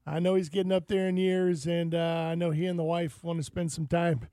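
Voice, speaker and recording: High-voiced lively male radio host. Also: fairly quick, no room sound. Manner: lively storyteller, acts out quotes. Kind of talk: casual sports and outdoors radio chat.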